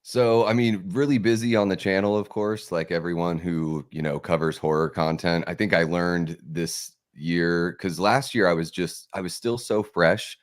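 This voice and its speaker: Laid-back guest guy, real low voice, dry close sound, lots of ums. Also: steady tone, moderate pace, few pauses, dry recording. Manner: laid-back, filler-heavy, easy laughter. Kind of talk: casual live-stream chat.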